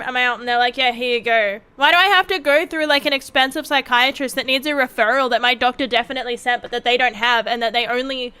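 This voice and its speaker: High, bright-voiced woman streamer ranting. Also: clear, resonant tone. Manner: animated, profane ranting with frequent swearing. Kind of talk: casual live-stream ranting.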